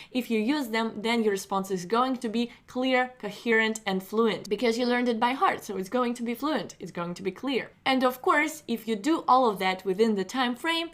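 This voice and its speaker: A woman teaching a recorded test-prep lesson, reassuring her students with calm, repetitive instructions. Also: fairly high pitch.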